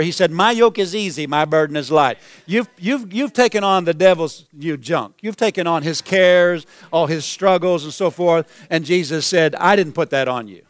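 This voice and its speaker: A man preaching a sermon as pastor, emphatic and repetitive, building to shouted declarations. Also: high voice, clear, resonant tone, no room sound. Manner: emphatic preaching, repeats phrases, rises to shouts.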